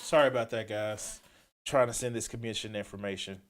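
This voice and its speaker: A man reacting to clips on a live stream, blunt and profane, swinging from quiet mumbling to loud outbursts. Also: lowish voice, fairly even intonation, brisk, faint music behind. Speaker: commentary streamer.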